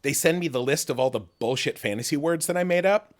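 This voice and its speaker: A man's voice: fairly high pitch, quick pace. A middle-aged man hosting an online interview, rambling and self-deprecating, swearing freely and laughing often, close on a studio mic. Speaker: host. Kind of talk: casual interview chat. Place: home streaming setup.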